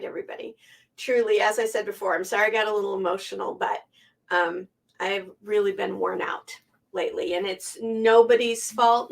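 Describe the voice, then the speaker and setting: A woman's voice: medium pitch, creaky, a bit bright. A middle-aged woman hosting a quilting channel, talking to her viewers in a chatty, heartfelt, rambling way. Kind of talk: casual talk to camera. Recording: voice a bit far from the mic.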